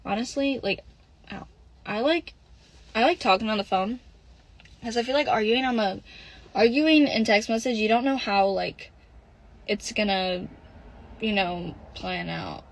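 A woman's voice: mid-range voice, low-quality recording. Upset young woman venting on a livestream. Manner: frequent "like" and "literally", halting and upset. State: emotional, close to tears. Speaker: livestream host. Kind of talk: casual livestream chat, reading comments. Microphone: phone.

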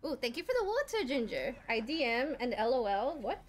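A young woman streaming a game live, chatting with viewers, swearing and shouting at enemies. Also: high voice, fairly quick, a little hiss or hum. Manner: excitable, swears and screams at enemies. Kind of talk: live gameplay commentary.

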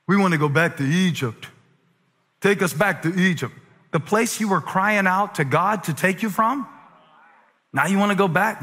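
A man preaching a sermon as a pastor, moving from quiet, conversational stretches to shouted, near-sung climaxes. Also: high voice, moderate pace, breathy edge. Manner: preaching with swings from quiet talk to shouted crescendos. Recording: long reverb of a large hall.

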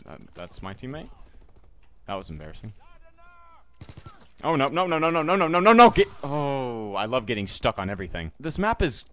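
A young gaming YouTuber speaks in a medium-pitched, slightly bright voice over his own gameplay, with slight background noise. He's casual and jokey, muttering to himself and his viewers and letting out sudden yelps.

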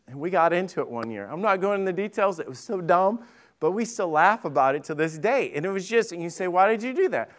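A man with a fairly high voice leads a Bible study from the pulpit. He talks to his congregation like friends, telling anecdotes and joking, then pushes his points home with force. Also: fairly bright tone. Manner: chatty storytelling with jokes, rising to emphatic preaching. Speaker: lead pastor. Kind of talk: conversational Bible-study sermon.

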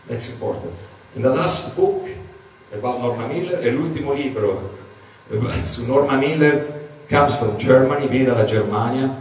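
A man's voice: mid-range voice, normal speed, a little mellow, slight background noise. A man with an Italian accent, hosting a panel and translating back and forth between two languages. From Italy. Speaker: host and interpreter. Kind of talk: bilingual panel talk. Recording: echoey room from far off.

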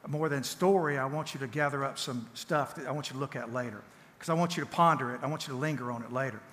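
A man's voice: medium pitch, fast, a bit bright. A man in his sixties from Tennessee with a Southern accent gives a folksy, conversational church teaching talk. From Tennessee, USA. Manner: folksy, conversational, repeats words and restarts. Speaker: guest speaker and counselor. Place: church sanctuary. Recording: long church reverb.

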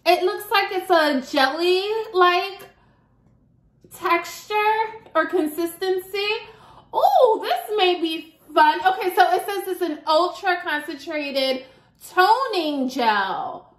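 A young woman talks straight to her viewers while unboxing beauty products, chatty and quick to giggle. Her voice sits high and bright. The room around her rings with echo. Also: expressive. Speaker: beauty vlogger. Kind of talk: casual unboxing chat.

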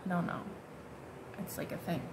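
In a very noisy recording, a woman reads tarot cards casually at a moderate pace. She comes across as bubbly and talkative, full of fillers and exclamations, with lots of "like" and "oh my God."

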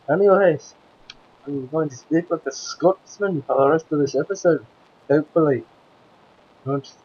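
A Scottish man hosting a let's play delivers playful, chatty commentary while bossing his game characters around. His voice sits on the high side, and the recording is muffled with slight hiss or hum.

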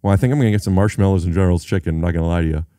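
A man's voice: low-pitched, racing, mellow, no room sound, studio quality. A man hosting a podcast, teasing his guest with pushy, joking questions in casual chat. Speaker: podcast host.

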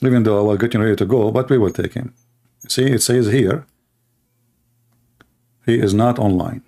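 Gravelly man. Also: on the low side, normal speed, warm tone. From Arab world. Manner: emphatic, repetitive, heated. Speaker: Christian apologist host. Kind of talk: livestream commentary.

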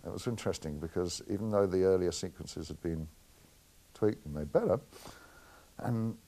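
A middle-aged New man speaks in a low voice with a gravelly edge. He answers interview questions as a film editor, frank and full of anecdotes. He often lets out a chuckle. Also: moderate pace, dark tone.

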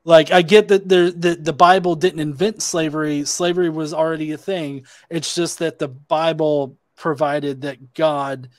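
A man's voice: a little high, fairly even intonation, unhurried, hardly any pauses, no echo. A man debating online, probing with questions, hesitant with many restarts and fillers. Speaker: atheist debater.

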